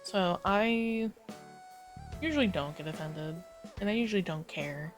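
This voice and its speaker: A woman hosts a livestream in an easygoing, rambling chat while she plays. Her morning voice sits lower than usual. She talks slowly into a desk mic, with soft game music playing underneath. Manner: easygoing, rambling, many fillers. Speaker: livestream gamer host.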